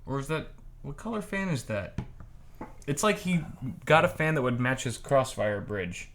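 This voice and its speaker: A man's voice: mid-range voice, big pitch swings, moderate pace, fairly bright tone, a little hiss or hum. Young man, co-host, live tech stream, loose chatty delivery, self-correcting. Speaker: co-host of a hardware show. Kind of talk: casual live-stream banter.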